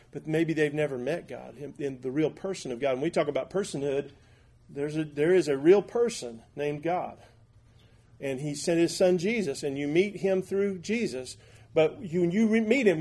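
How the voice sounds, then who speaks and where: A man teaching a Bible class in a conversational, folksy way, with halting restarts and asides. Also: a little high, animated, dark tone.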